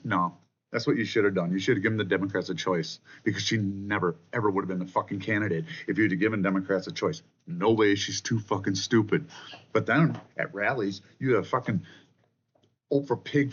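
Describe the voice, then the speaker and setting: A man ranting angrily and profanely about politics, loud and contemptuous. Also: on the low side, a little fast, husky, dull audio. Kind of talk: angry political rant.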